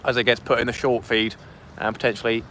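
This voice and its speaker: By the sea wall, a man casually hosts a fishing stream on a vertical phone, chatty as he reads viewer messages and thanks donors. His medium-pitched voice is flat, quick and a bit bright, with a little hiss or hum.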